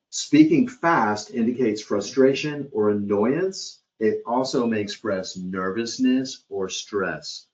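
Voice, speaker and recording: A man's voice: on the low side, a little mellow. A man presenting a live hospitality training webcast, demonstrating phrasings by acting out different tones of voice. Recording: dull lo-fi webcast audio.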